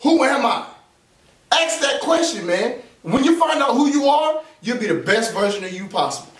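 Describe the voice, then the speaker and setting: Motivational speaker, male, high voice, echoey room, off-mic. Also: big pitch swings, moderate pace, far from the mic. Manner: preachy, repeats phrases, emphatic. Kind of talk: motivational talk.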